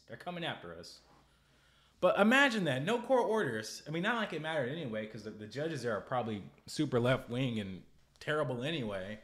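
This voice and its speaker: A young American man hosting political commentary, ranting in a sarcastic, heated way with loud bursts and halting restarts. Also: mid-range voice, echoey room. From United States. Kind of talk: casual commentary, ranting to camera.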